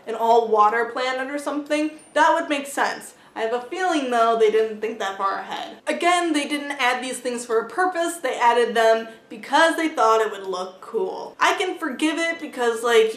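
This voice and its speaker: A woman's voice: a little high, fairly bright tone. A woman giving a casual, blunt book review vlog, chatty and full of "like" fillers, swearing freely. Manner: chatty, heavy use of "like" fillers. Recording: roomy echo.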